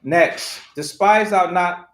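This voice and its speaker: Speaking slowly in a high, slightly bright voice, a man preaches from scripture with emphasis. He asks rhetorical questions and returns to the same phrases again and again, all in a roomy, echoing recording.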